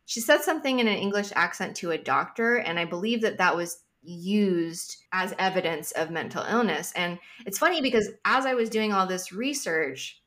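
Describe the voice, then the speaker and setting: Woman chatting about astrology, low voice. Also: animated, normal speed, few pauses, a bit bright. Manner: thoughtful, emphatic, frequent hedging asides. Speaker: astrologer guest. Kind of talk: casual podcast chat.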